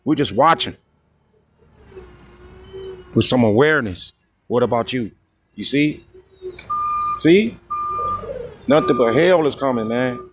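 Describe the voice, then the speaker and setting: A man in the middle pitch range, preaching scripture in a confrontational, profane street style. He reads verses slowly and deliberately, then breaks off to ask his listeners whether they follow. A faint hiss of background noise sits under his voice. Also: expressive. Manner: constantly repeats "you see?" and "you know what I mean?"; coarse, heated, confrontational.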